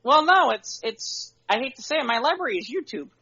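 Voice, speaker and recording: With a very high, husky voice that swings widely in pitch, a man co-hosts a podcast a little fast, his tone bright and forceful. He talks candidly and keeps dropping "you know" into casual conversation, recorded in dull lo-fi audio.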